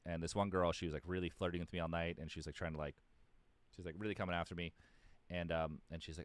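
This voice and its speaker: A man's voice: deep voice, expressive, fast talker, clean tone, no echo. A man, a musician guest in a casual interview, telling stories in a rambling way with lots of fillers and restarts.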